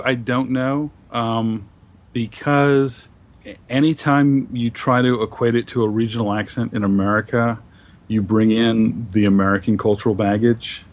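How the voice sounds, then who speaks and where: A man on a podcast panel, speaking thoughtfully and hesitantly with many pauses and ums. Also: medium pitch. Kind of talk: casual panel discussion.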